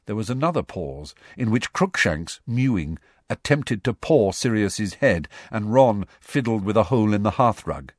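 A man narrating an audiobook in a measured storytelling manner. His voice sits low, yet his pitch moves in lively swings. The recording is dry and close. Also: no echo. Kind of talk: scripted narration.

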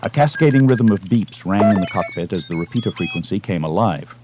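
A man with a fairly low voice reads a science-fiction novel aloud as an audiobook narrator. His delivery is measured and dramatic, built for storytelling. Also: expressive, music in the background. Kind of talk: scripted narration.

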